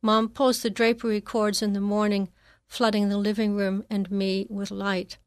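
A woman narrating a first-person memoir in a measured, reflective reading. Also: medium pitch, little pitch movement, clear, resonant tone, dry recording, studio quality.

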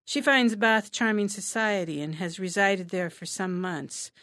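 A woman's voice: medium pitch, unhurried, a bit bright, no echo, clean studio sound, voice pushed up, lightly acted. A woman reading aloud as a passionate, brooding young male poet, dramatic and impassioned.

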